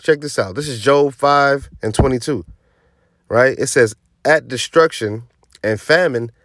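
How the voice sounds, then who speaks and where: Man, informal preacher, streetwise and emphatic, mid-pitched voice, dry close sound, sarcastic asides. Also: unhurried, a bit bright, no echo. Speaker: teaching officer of a religious group.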